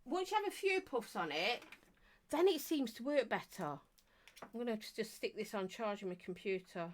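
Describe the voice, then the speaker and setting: Chatty woman with lively pitch. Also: normal speed. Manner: chatty and rambling, greets viewers, laughs often. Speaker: vape reviewer hosting a live stream. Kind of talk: casual live-stream chat.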